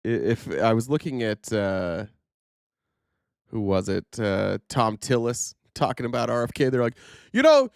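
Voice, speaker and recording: Slightly slow and marked by vocal fry, this man's voice is clear and resonant, recorded close and dry with no echo. Congested from a sinus infection, he delivers sarcastic, animated livestream political commentary into his camera setup, his pitch leaping when he's indignant.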